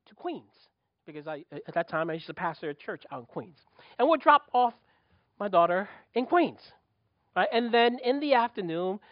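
A man's voice: high voice, dry recording, muffled recording. A middle-aged man, preaching a sermon as a pastor, telling a story with lots of rhetorical questions.

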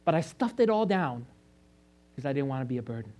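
A man's voice: mid-range voice, big pitch swings, brisk, darkish tone, a little hiss or hum. A man from China, a pastor, giving a personal testimony sermon, earnest and confessional, often restarting and rising in emphasis.

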